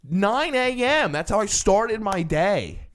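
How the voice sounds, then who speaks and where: A man's voice: high-pitched, sing-song, takes it slowly. A man co-hosting a podcast in casual chat, joking, swearing and laughing often. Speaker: podcast co-host.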